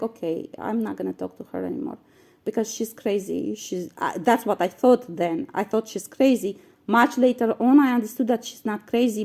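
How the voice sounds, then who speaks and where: Lady venting a story, kinda high voice but soft warm tone, blunt, stops and starts a lot. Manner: blunt, indignant, frequently pausing. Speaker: spiritual channel host. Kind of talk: personal storytelling monologue.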